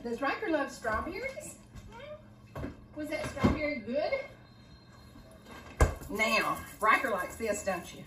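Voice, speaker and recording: Older host, high-pitched, swoops all over, sing-song baby talk to a grandkid, echoey kitchen. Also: female voice, animated, slow, long pauses. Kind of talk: casual cooking demo with a grandchild. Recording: echoey kitchen, faint noise.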